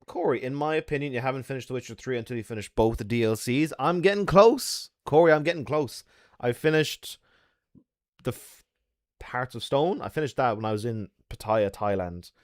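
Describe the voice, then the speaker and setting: A man's voice: mid-range voice, brisk, no room sound, studio quality. A man streaming games, chatting casually with viewers and telling stories full of sound effects and swearing. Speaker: game streamer.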